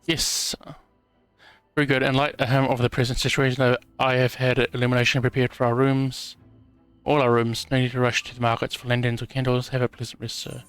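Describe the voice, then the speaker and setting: A man's voice: mid-range voice, little pitch movement, a little fast, a bit bright, clear, resonant tone, faint music behind, lightly acted. A man reading out a polite, formal innkeeper's lines from a game. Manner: reading game dialogue aloud.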